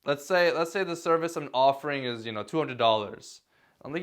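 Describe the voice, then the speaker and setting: A man vlogs casual talking-head advice, speaking fairly quickly in a voice on the high side. He runs himself down good-naturedly, chuckles occasionally, and often uses fillers and restarts.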